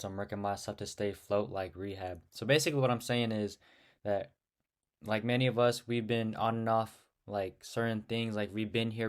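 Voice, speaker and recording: A young man casually talking to camera about his own rap lyrics, hesitant and rambling with many fillers and restarts, a bit awkward. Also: lowish voice. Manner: self-conscious and awkward on camera. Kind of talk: casual self-recorded talk to camera.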